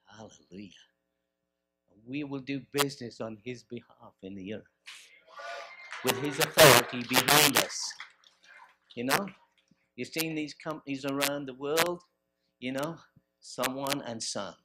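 A man delivers a church sermon, his voice sitting at an ordinary middle pitch. He builds to forceful, emphatic peaks and then drops into quieter, intimate passages. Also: unhurried, pauses often, very noisy. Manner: emphatic preaching with rising bursts and quiet stretches. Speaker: pastor. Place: church service.

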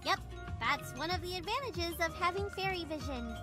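A very high, squeaky fairy girl in a video game, blunt, crude and bossy with her orders. Game music plays underneath her lines. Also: expressive, moderate pace. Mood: smug. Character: crude cheeky female fairy love guide.

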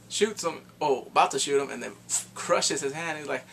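A man's voice: fairly high pitch, a little slow, vocal fry, fairly bright tone, a little hiss or hum. A man casually recapping a TV episode, acting out the characters' lines in changed voices and laughing often. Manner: laughs often mid-sentence. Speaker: TV show reviewer.

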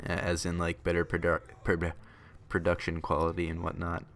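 A man's voice: low voice, monotone, a little fast, a bit bright. A man talking casually in a thank-you vlog, rambling with lots of ums and uhs. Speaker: YouTuber.

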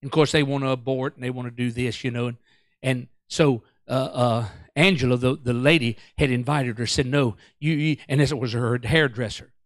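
A male pastor, telling a story in an excitable, stammering sermon that breaks into song. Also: mid-range voice, moderate pace, no room sound, studio quality.

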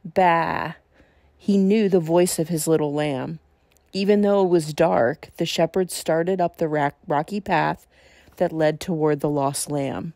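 A woman reads a children's Bible storybook aloud in a gentle, measured way. Her voice sits on the low side and she takes her time. The sound is dry and close, with no room echo.

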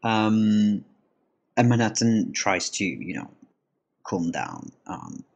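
A man's voice: lowish voice, wildly swooping pitch, takes it slowly, vocal fry, darkish tone, muffled recording. A man narrating a casual voice-over about his comic story, rambling, laughing often and restarting his sentences. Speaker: comic artist and channel host.

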